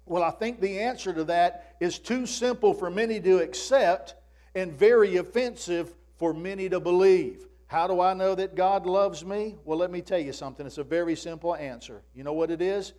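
High-voiced man preaching with call-and-response. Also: darkish tone. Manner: folksy, addresses listeners as "friend". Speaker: pastor. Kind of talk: sermon.

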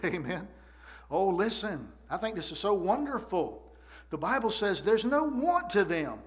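A man preaching a sermon with emphatic, repetitive declarations, asking "amen" often and stammering into restarts as he builds. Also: sits high. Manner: stammers and restarts when excited.

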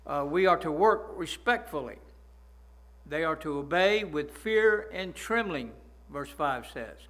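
A man preaching a sermon, folksy, slowing down to stress his points and asking the congregation for agreement. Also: fairly high pitch, animated, sharp tone. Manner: slows down to stress key phrases. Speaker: pastor.

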